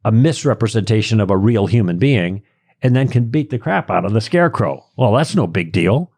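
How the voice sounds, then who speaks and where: A man's voice: on the low side, lively intonation, fairly quick, a little mellow, no echo. A man, a guest on a podcast, explaining his points in an emphatic, lecturing way with stressed key words. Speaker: podcast guest, Christian apologist. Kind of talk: conversational explaining.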